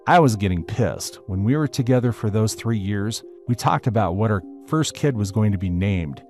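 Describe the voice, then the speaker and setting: A man narrating a first-person story aloud with a steady storytelling delivery. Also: on the low side, normal speed, hardly any pauses. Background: faint music.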